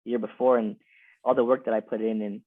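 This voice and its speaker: A man's voice: fairly low pitch, flat delivery, fast talker, no echo. A man in his twenties, a former college wrestler, telling stories in a casual, loose way, repeating words and filling with "like" and "you know.". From Lehigh Valley, Pennsylvania. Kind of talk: casual interview storytelling. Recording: dry, tinny phone-like audio.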